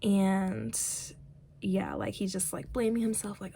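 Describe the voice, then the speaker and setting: A woman's voice: medium pitch, lively intonation, a little slow, vocal fry, warm tone, slight background noise. A woman vlogger chatting casually, rambling with many fillers as she retells a story. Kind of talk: casual chat.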